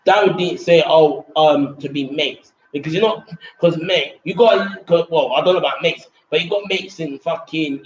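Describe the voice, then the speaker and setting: A young man rambling casually about a trip. He repeats himself, keeps restarting sentences and swears casually. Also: fairly high pitch. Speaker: vlogger reviewing a trip. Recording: roomy, dull lo-fi sound with faint background noise.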